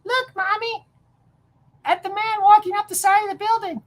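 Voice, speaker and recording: A woman voicing a small child in a comic reading, using a squeaky childish voice. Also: steady tone, moderate pace. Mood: excited. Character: teen boy, a little kid.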